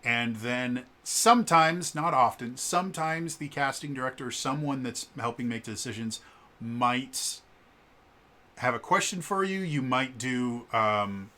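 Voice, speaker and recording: Bright-voiced man telling a story. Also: unhurried. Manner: animated, acts out quoted lines with shifts in pitch; frequent fillers and stammered restarts. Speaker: vlogger. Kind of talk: casual storytelling vlog.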